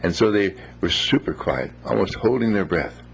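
Low gravelly man telling a folksy story. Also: animated. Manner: gentle, unhurried, moralizing with homely phrases. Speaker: speaker telling a moral story.

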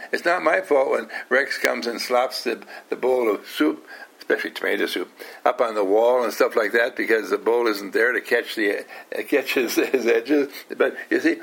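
A man's voice: mid-range voice, normal speed, gravelly, a bit bright. An older man giving an informal talk to a small group, often asking questions, teasing his listeners and acting out the people he quotes. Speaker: household teacher.

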